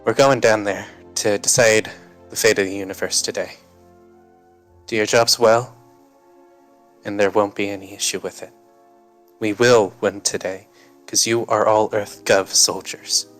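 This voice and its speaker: A man's voice: lowish voice, steady tone, a little slow, pauses often. A man playing a brash, profane male soldier commander giving rousing orders, with faint music behind. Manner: rousing, swearing, forceful.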